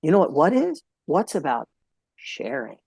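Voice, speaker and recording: A man's voice: on the high side, huge pitch swings, a little slow, creaky, a little mellow, slightly rough, dry recording. A man speaking as a podcast guest, telling a heartfelt story in an earnest way and repeating key phrases for emphasis.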